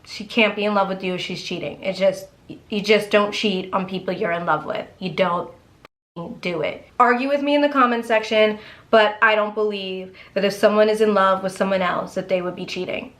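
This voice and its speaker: A woman's voice: mid-range voice, normal speed, a bit bright. Blunt, chatty young woman telling crime tales. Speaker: true crime YouTuber. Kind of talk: casual true crime storytelling.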